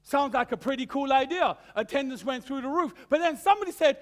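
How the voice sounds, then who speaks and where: High-voiced man preaching a sermon. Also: a little fast, few pauses. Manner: animated storytelling with stammered repeats.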